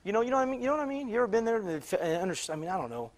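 High-voiced man preaching with restarts. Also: rapid-fire. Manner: animated, many restarts, rising to loud exclamations. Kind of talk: sermon storytelling. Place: church sanctuary.

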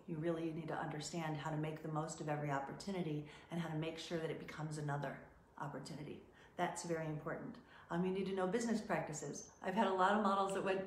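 Middle-aged woman agent teaching about runway, chatty, lowish voice, echoey room. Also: slight background noise. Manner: chatty, animated, acts out quotes from clients. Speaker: modeling and talent agent. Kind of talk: casual teaching talk.

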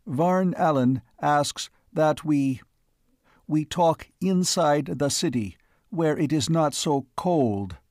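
A man voicing a male historian from the far future who speaks an old language haltingly, searching for each word. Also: on the high side, darkish tone, dry recording, clean studio sound, voice pushed up.

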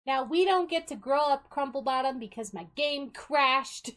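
A young woman casually commenting on a life-sim game she plays, chatty and quick to laugh. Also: high voice, poor audio. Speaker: gaming video host.

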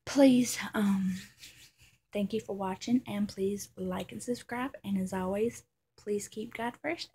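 Gravelly, gushing woman vlogger. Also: mid-range voice, mellow. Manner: gushing, emotional, with many fillers. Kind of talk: casual unboxing vlog.

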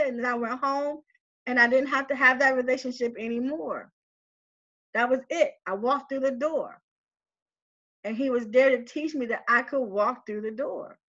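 A woman telling a personal story in a lively way. She laughs often and acts out the voices of the people in it. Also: high-pitched, dull audio. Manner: animated, laughing often, acting out quoted voices.

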